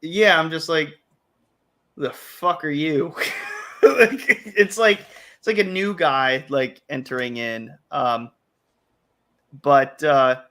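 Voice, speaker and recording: A man's voice: a little high, steady tone, slow, sharp tone. A man hosting a late-night livestream, talking casually and rambling with restarts and quoted asides. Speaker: livestream host. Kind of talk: casual chat.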